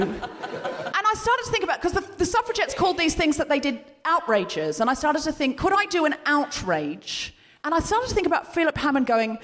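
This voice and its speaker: A woman hosting a live comedy podcast, playful and animated, sometimes shouting to lead the audience. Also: sits high. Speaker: podcast host. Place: live venue, former courtroom. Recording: echoing hall, noisy live crowd.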